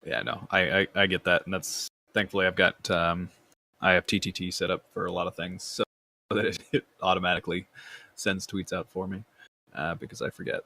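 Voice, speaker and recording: Low-voiced man hosting a gaming podcast. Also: fairly even intonation, a little fast, vocal fry, pushed and bright, no room sound. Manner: rambling, many fillers and restarts. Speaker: podcast host. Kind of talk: casual gaming podcast chat.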